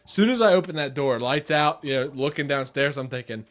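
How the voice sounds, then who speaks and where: A man's voice: medium pitch, a little fast. A young man co-hosting a podcast, telling a story in casual chat and laughing through it. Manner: animated, laughs through his story and acts out voices. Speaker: podcast co-host.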